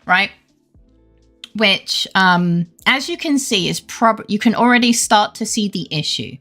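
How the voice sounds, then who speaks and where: Expressive and a little slow, this young British woman talks at a medium pitch in a bit bright voice, with faint music behind. Streaming live with a headache, she rambles, greets her chat often and fills her talk with fillers and restarts.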